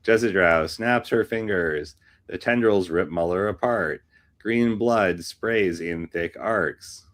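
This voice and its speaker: A man's voice: low voice, slow, fairly bright tone. A man hosting a script workshop, reading scripts aloud and making dry, wry asides.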